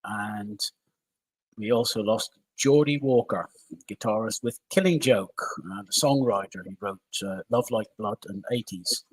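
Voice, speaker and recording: Husky man reading a music news list. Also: lowish voice, measured pace, poor audio. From United Kingdom. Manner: steady list-reading with small asides. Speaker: live stream co-host. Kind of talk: reading a list of deaths and birthdays.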